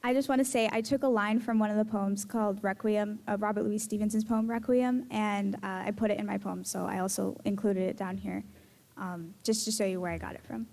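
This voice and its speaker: A teenage girl reading her own poems aloud in a measured, earnest way. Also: medium pitch, fairly even intonation, creaky, a little mellow. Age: teens. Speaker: student poet. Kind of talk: poetry reading.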